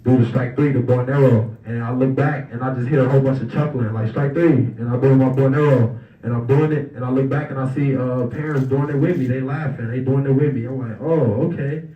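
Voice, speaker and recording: A man's voice: mid-range voice, a little fast. Young man telling stories in a roomy hall. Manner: relaxed and conversational, acting out quoted voices. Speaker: guest speaker at an awards banquet. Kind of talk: casual storytelling speech. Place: banquet hall. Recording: roomy, distant, dull hall recording.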